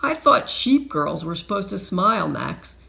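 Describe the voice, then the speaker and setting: Woman doing a gruff suspicious thief. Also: lowish voice, very animated, unhurried, sharp tone, exaggerated voice.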